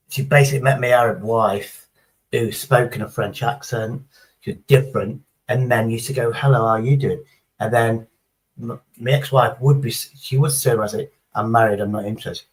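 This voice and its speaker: A middle-aged man with a mid-range voice chats casually on a livestream, rambling, sarcastic and sweary. The recording is rough.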